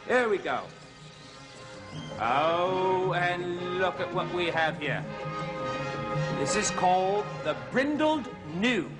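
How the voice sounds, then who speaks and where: An actor playing a cheerful male zoo host who talks chattily and folksily straight to young viewers. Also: high-pitched.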